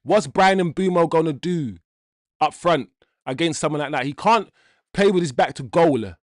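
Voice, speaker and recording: A man's voice: on the high side, normal speed, dry recording, clean studio sound. Fired-up man ranting over football. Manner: exasperated ranting with frequent swearing; repeats himself while venting. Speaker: watch-along host. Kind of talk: live football watch-along commentary.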